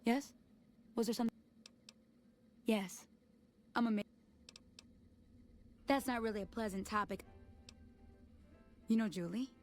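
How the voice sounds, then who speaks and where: A woman's voice: on the high side, a little slow, long pauses, a little mellow, soft background music, lightly acted. An actress playing a weary female soldier in a video game who speaks in a guarded, matter-of-fact way.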